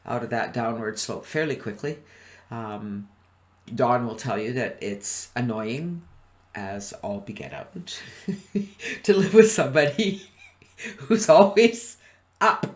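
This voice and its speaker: Upbeat male webinar presenter, mid-pitched, chuckles and quizzes listeners. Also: sharp tone. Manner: upbeat, often asks the audience questions; chuckles between points. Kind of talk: motivational webinar talk.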